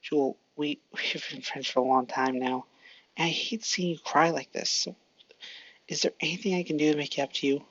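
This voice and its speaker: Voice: medium pitch, steady tone, brisk, a bit bright, slightly rough, no room sound, muffled recording. A fan storyteller voicing an earnest, shy teenage boy hero who stammers at times, in a fan audio story.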